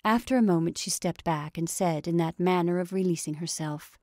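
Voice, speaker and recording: A woman reading a short story aloud in a measured way, often dropping into a soft whisper. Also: on the low side, no room sound, clean studio sound.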